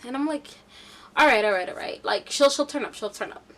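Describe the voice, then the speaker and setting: A young woman vlogger telling a casual storytime, chatty and animated with slangy asides. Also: sits high, fairly quick.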